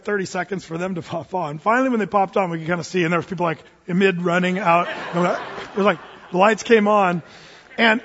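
A middle-aged man with a fairly high, husky voice tells a long story in a loose, rambling way, stumbling over restarts and fillers. He sounds far away in a big, echoing hall, and the recording is dull and muffled. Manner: rambling, lots of fillers and restarts, acts out quotes. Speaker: speaker telling a personal story. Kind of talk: anecdotal storytelling.

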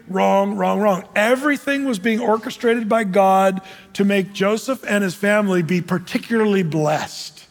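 High-voiced pastor preaching in a hall. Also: male voice, animated, measured pace. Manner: conversational, questioning the audience, frequent fillers. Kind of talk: sermon. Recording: long hall reverb.

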